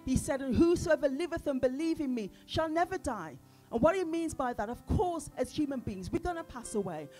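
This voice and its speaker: A woman's voice: sits high, very animated, fairly quick, mellow, soft background music. A woman preaching a sermon at a church service, often putting questions to the congregation.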